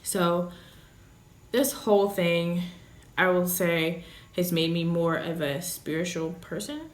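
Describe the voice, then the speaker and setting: A woman's voice: lowish voice, steady tone, slow pace. A young woman talking candidly in a casual vlog, blunt, emotional and full of swearing. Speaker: vlogger, new mother. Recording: echoey room.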